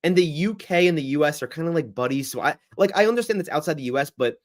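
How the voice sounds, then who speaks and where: A young man hosting a casual livestream Q&A, rambling and reacting to the chat in a lively, chatty way. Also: on the high side, fast talker. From United States. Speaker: livestream host.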